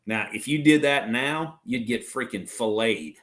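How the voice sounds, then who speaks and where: A man's voice: mid-range voice, animated, unhurried, a bit bright. A middle-aged man, a retired Marine officer, telling blunt, profane stories in a casual interview. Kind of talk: casual storytelling chat.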